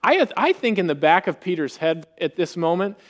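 Animated man preaching a sermon. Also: high voice, moderate pace. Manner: animated, acts out quoted voices with rising emphasis. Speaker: pastor.

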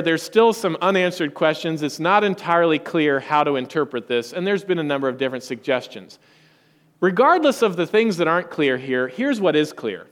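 A pastor preaching a sermon, emphatic and rhetorical. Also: male voice, on the high side, in a large hall.

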